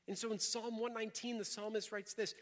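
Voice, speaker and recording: Young adult man, pastor, energetic conversational sermon, bright tense voice, echoing church hall. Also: high voice, fairly quick. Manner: energetic, conversational preaching with repetitions. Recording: reverberant hall.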